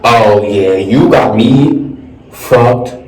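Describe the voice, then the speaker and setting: A young man telling a crude, animated storytime in a vlog, with shrill mocking quotes. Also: drawn-out words. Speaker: vlogger. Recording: echoey room, far from mic, faint music.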